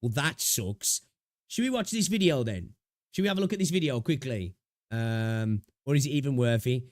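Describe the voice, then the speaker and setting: A man's voice: mid-range voice, expressive, normal speed, darkish tone, no room sound, clean studio sound. A young British man hosting a gaming livestream, rambling and chatting with viewers, swearing freely. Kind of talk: casual livestream chat.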